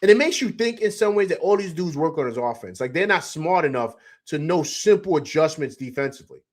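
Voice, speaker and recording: Brief: man, fan host on a live stream, a higher voice, heated and repetitive, talks straight to the chat. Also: a little fast. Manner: animated, emphatic, repeats himself, says "man" often; addresses chat viewers directly. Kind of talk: live-stream sports reaction.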